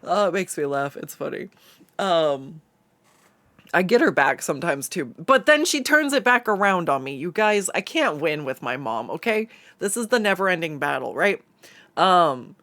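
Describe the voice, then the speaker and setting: A woman's voice: deep voice, a bit bright, dry recording. Young woman streaming, just yapping and cracking herself up, cusses a lot, dry close sound. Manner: chatty storytelling, laughs often, swears freely. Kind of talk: casual chat.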